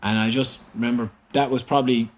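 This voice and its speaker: Halting Irish man from Cork. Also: medium pitch, steady tone. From Ireland. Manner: open, halting, repeats himself with many fillers. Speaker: podcast guest. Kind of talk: candid storytelling. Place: indoor room in San Francisco.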